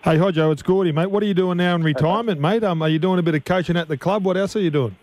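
A man's voice: high-pitched, racing, darkish tone. A man with an Australian accent on a sports radio panel, friendly and joking as he asks questions. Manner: jokey, friendly. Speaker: radio panellist, former player.

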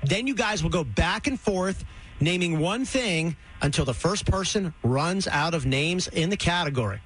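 A man's voice: fairly high pitch, animated, moderate pace, a bit bright, breathy edge. A man hosting a morning radio show, chatty and upbeat, laughing often from a studio microphone.

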